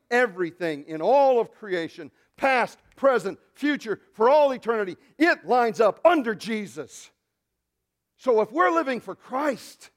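A high-pitched male pastor delivering a sermon in a dynamic preaching style. He swings from loud, ringing declarations down to near-whispered asides and jokes casually with the congregation. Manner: conversational, joking with the congregation.

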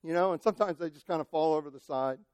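Impassioned high-voiced male preacher. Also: fast talker, no room sound, studio quality. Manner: impassioned, swings from shouting to quiet. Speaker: pastor. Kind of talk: sermon.

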